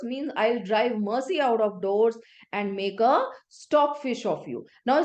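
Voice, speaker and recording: Woman teacher glossing a play. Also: fairly high pitch. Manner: reads a line, then paraphrases it simply. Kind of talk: explaining a play line by line.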